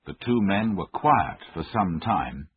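A man reading a storybook aloud slowly, with a very husky voice, his pitch rising and falling widely. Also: very animated. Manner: slow, with wide swings of pitch. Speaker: storybook narrator. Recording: tinny narrow-band recording, dry.

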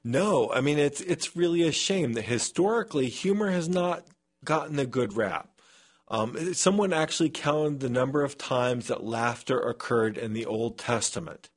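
Man, radio interview guest, scientist, remote studio, hesitant, restarts sentences, medium pitch. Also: lively intonation, normal speed.

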